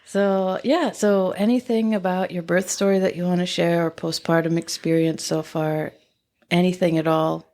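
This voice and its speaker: Woman, podcast co-host, casual chat, lowish creaky voice. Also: fairly even intonation, normal speed, a little mellow, dry recording.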